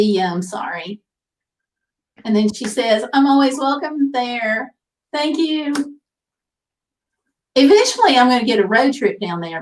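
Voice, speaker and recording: A woman hosts a casual livestream and reads viewer comments aloud in an easy, chatty way. Her voice sits a bit high, and she sounds set back from the mic. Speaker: livestream host. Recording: voice picked up from a distance.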